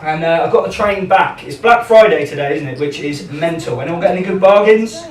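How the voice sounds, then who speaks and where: Self-deprecating comic, roomy club. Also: male voice, high-pitched, expressive, a little fast, a crowd in the background. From England. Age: young adult. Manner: chatty, self-deprecating, rambling with many ums. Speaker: stand-up comedian. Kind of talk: live stand-up set. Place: small comedy club in a pub. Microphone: handheld stage microphone. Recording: roomy club sound, distant mic, audience noise.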